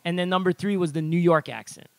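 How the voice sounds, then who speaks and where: A man from Hawaii, hosting a podcast and reading out news topics in relaxed chat. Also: high voice, fast, creaky, dry recording.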